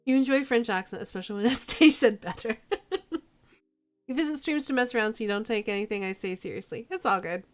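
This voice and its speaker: A playful woman streamer chatting with her viewers, laughing easily. Her voice sits fairly high, with faint music playing behind her. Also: fast talker. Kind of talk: casual game-stream chat.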